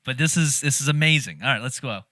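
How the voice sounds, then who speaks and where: A man's voice: medium pitch, fast talker, dry recording, studio quality. A man hosting a reaction video, talking casually with lots of laughter and swearing. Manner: animated, laughs often, swears freely.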